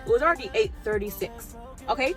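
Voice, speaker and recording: High-voiced woman ranting in a vlog. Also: fast, music in the background. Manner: animated, acts out both sides of conversations. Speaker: vlogger. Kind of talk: casual storytelling rant.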